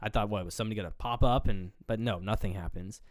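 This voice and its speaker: A man's voice: on the low side, fast, no room sound, studio quality. A man co-hosting a casual movie review podcast, retelling scenes with acted-out lines and frequent swearing. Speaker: podcast co-host.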